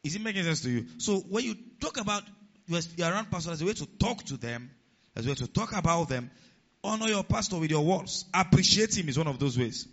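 Lively preacher, bright tense voice. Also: male voice, a little fast. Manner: rhetorical questions to the congregation; acts out quoted speech in a lower voice. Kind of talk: sermon. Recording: dull lo-fi recording.

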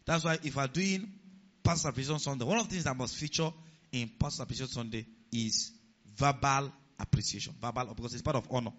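Lively preacher, bright tense voice. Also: male voice, quick pace. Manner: rhetorical questions to the congregation; acts out quoted speech in a lower voice. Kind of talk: sermon. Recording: dull lo-fi recording.

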